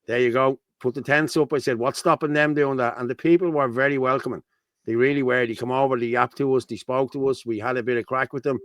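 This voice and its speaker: A man's voice: mid-range voice, steady tone, fast, a bit bright, no echo. A man with a Dublin accent hosting a casual livestream, talking bluntly and reading out viewer comments. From Ireland. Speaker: host.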